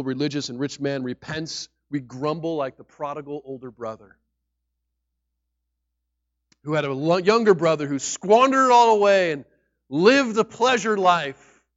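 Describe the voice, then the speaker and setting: Pastor, male, preaching a sermon; raised emphatic delivery, slightly high pitch, dull low-fi recording. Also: no echo. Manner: emphatic preaching with sudden loud peaks.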